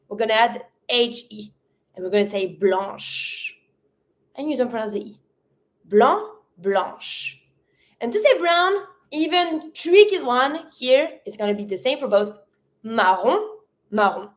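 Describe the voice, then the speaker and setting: A woman with French as her first language teaches an online lesson in English, saying each French word slowly and clearly. Her voice sits a little high and swings widely in pitch. She repeats vocabulary in pairs, masculine then feminine. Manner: clear drilled pronunciation, repeats words in pairs.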